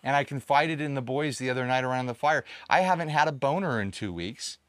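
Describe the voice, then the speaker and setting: A man's voice: mid-range voice, brisk, no echo, studio quality. A man hosting a casual chat outdoors, telling stories and laughing often. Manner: laughs often, animated storytelling. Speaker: podcast host. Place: outdoors on a tropical island.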